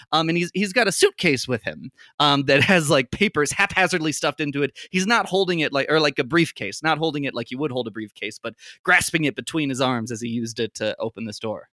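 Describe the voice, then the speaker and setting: A game master narrating a tabletop game in a halting way, with many ums and frequent laughs. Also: medium pitch, fairly bright tone, dry recording, clean studio sound.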